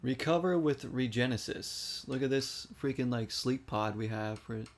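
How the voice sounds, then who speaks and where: A man's voice: mid-range voice, normal speed. A man giving casual, chatty commentary while playing a video game and reacting aloud to each shot. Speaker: gaming streamer.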